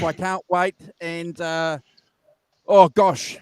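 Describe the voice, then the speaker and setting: A man with a New Zealand accent hosting a casual live-stream chat, excitable and easily flustered. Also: high-pitched, normal speed, dry recording. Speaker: show host.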